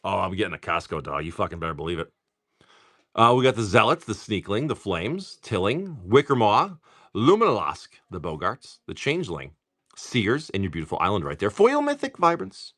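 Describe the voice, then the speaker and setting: A man's voice: low-pitched, very animated, fairly quick, fairly bright tone, no room sound, studio quality. A tired middle-aged man hosting a live card-opening stream, casually chatting, teasing viewers and swearing freely. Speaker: card-breaking stream host.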